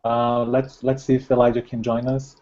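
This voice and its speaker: A man hosting a live question-and-answer session, speaking hesitantly with many pauses and ums. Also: mid-range voice, little pitch movement, darkish tone. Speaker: host. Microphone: video call. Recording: dull video-call audio.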